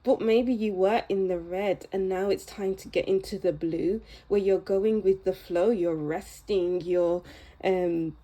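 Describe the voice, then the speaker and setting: Woman tarot reader with a soft, mellow voice who takes her time. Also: fairly even intonation. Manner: soft, musing and unhurried, drifting into a low near-whisper. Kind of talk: pick-a-card tarot reading.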